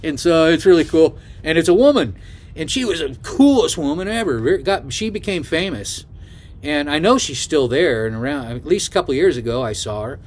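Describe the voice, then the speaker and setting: An older man with a fairly high voice, chatting to his viewers as he tells a story. He rambles along with plenty of asides and "you know"s. It sounds like an easygoing travel vlog. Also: expressive, a little fast. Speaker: travel vlogger. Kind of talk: casual storytelling to camera.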